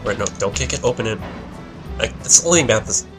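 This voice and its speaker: A young man in his late teens talks through a video game in a low voice. He mumbles and rambles, correcting himself as he goes, with faint game music under him. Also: lively intonation, fast. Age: young adult. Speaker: let's play commentator. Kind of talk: casual gameplay commentary.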